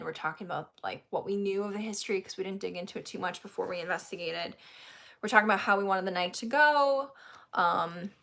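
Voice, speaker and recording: A woman's voice: medium pitch, vocal fry. Chatty woman telling a story. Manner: animated, laughs often, acts out quotes. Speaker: host. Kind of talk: casual storytelling chat.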